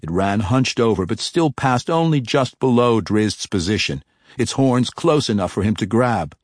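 A man narrating a fantasy audiobook in a measured, steady storytelling manner on a close mic. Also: on the low side, no room sound.

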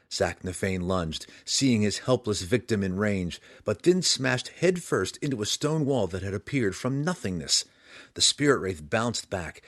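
A man with a lowish voice reads a fantasy novel aloud, his pitch rising and falling in a lively, dramatic way. The delivery is scripted and expressive. The recording is dry and close, with no room sound. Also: no echo. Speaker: audiobook narrator.

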